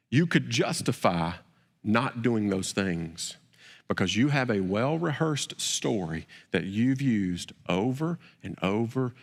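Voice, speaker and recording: A middle-aged man, a pastor, preaching a sermon, stammering on repeated words and rising to emphatic peaks before dropping quiet. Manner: repeats words, builds to emphatic peaks then drops low. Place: church sanctuary. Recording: long hall reverb.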